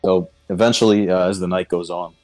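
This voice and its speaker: A man's voice: deep voice, fairly even intonation, a little fast, a little mellow. A man co-hosting a podcast, telling a story in casual chat, swearing often and laughing through it. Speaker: podcast co-host.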